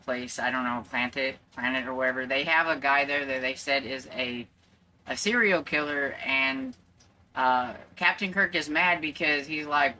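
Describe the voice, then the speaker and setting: A woman's voice: very deep voice, normal speed, sharp tone, a little hiss or hum. A woman book vlogger chatting casually at home, rambling a little with plenty of fillers. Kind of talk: casual chat.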